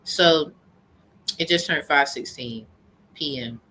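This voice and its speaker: A woman's voice: low-pitched, slow, bright, forceful tone, a little hiss or hum. A woman telling a rambling, profane story in a heated personal rant to camera. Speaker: vlogger.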